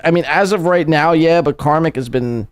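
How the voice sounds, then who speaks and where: A man hosting a casual podcast, teasing his guest and swearing freely with quick laughs. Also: fairly high pitch, clean tone, dry recording, studio quality. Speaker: podcast host.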